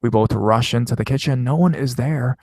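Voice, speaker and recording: A man's voice: medium pitch, brisk, darkish tone, no echo. A man in a mid-range voice reads viewer horror stories in a loose, conversational way, dropping swear words as he goes. The recording is close and dry, with no room sound. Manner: casual, profane, conversational. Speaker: horror story narrator. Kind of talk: reading viewer-submitted scary stories.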